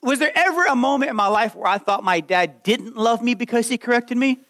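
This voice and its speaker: A man in his late thirties preaching a sermon, lively and conversational, acting out quoted voices as he goes. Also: very high voice, a little fast, poor audio. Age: 30s. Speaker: pastor.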